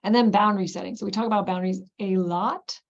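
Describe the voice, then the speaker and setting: Woman with a gravelly, dull-sounding voice. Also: medium pitch, steady tone, fast. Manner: conversational, explanatory, with frequent fillers and restarts. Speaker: clinician presenter. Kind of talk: online teaching presentation.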